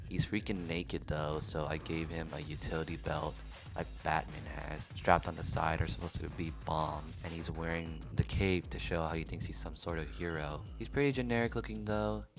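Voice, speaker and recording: Low-voiced young man, wry and offhand. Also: steady tone, moderate pace. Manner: wry, offhand, self-mocking. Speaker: art youtuber. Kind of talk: casual voice-over commentary. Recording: faint music behind.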